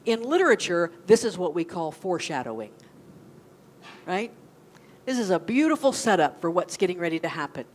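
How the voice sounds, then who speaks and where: A woman's voice: lowish voice, a little hiss or hum. A woman minister gives a sermon in a conversational way, often asking the congregation questions. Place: church sanctuary.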